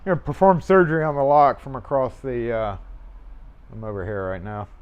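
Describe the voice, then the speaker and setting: A man's voice: mid-range voice, brisk, clear, resonant tone, muffled recording. A man hosting a casual locksmith livestream from his shop, rambling and offhand, cursing now and then as he works on a lock. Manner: rambling, offhand, swears and chuckles while working. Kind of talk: casual live-stream chat. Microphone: mobile mic.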